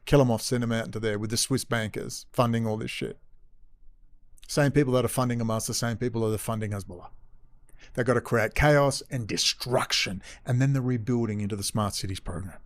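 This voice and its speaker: A man's voice: mid-range voice, fairly even intonation, brisk, no echo. A man hosting a profane, heated commentary show, sarcastic and openly frustrated as he rants. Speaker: host.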